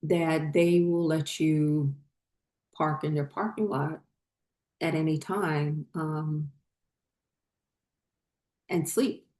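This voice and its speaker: A woman's voice: low-pitched, steady tone, extremely slow, pauses often, dark tone, echoey room. A woman hosting a spiritual channel, telling a personal story in a rambling, casual way with many fillers and restarts.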